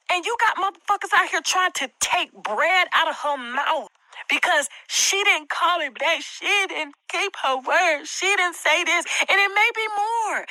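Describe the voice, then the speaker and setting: A woman sounds off on a livestream, indignant and profane, throwing out rhetorical questions. Her high, bright voice comes through dry and close. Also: no echo, poor audio. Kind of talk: recorded live-stream rant.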